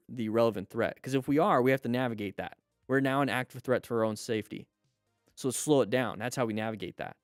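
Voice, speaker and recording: A man's voice: mid-range voice, dry recording. Man coaching riders over videos. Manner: coaching, asks questions and answers them; excited exclamations at near misses. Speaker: motorcycle riding instructor and host. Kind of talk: commentary on riding videos.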